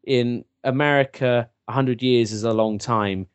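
A man from England with an English accent, co-hosting a casual podcast chat and talking in a lively, chatty way with quick asides. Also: medium pitch, clean tone, no echo. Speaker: podcast co-host.

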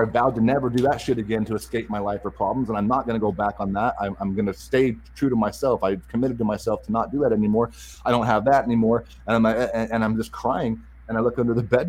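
A man candidly telling a personal story, halting and repeating words as he restarts his sentences. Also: fairly low pitch, a little mellow, husky, low-quality recording.

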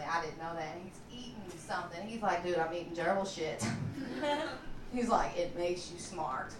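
A young woman from Chicago telling crude stories in a live stand-up set, laughing as she talks. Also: mid-range voice. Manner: crude, rowdy, laughing through her stories. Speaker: stand-up comic. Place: live comedy venue. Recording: echoey room, distant mic, noisy.

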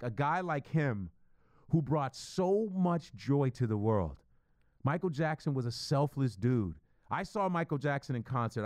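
A middle-aged man hosting a solo podcast, rambling profanely in an animated, stream-of-consciousness monologue. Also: medium pitch, dry recording, studio quality. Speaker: podcast host.

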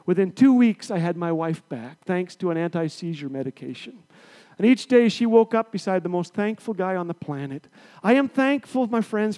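A middle-aged man preaching a sermon and telling a personal story. His delivery is lively, with loud bursts and hushed asides. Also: high voice.

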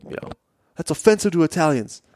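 A man's voice: fairly high pitch, expressive, fairly quick, darkish tone, no echo. Podcast co-host, male, blunt and profane, dry close sound. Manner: blunt, profane, mocking impressions. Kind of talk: casual chat.

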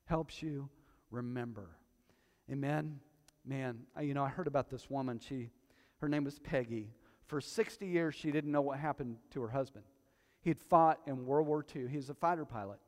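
A male pastor preaching a sermon to his congregation, telling stories with quiet asides that build to loud, emphatic peaks. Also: medium pitch, moderate pace. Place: church hall before a congregation. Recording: long hall reverb.

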